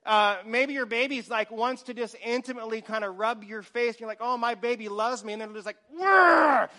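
A man in his forties preaching a sermon, telling lively stories and acting out little scenes, sometimes dropping to a whisper. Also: very high-pitched, fairly quick. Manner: animated storytelling, acts out scenes, drops to a whisper. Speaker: pastor.

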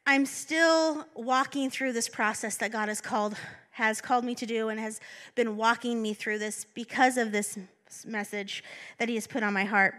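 Young woman preacher, bright high voice, super candid and self-deprecating. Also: steady tone, normal speed. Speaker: assistant pastor. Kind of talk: sermon.

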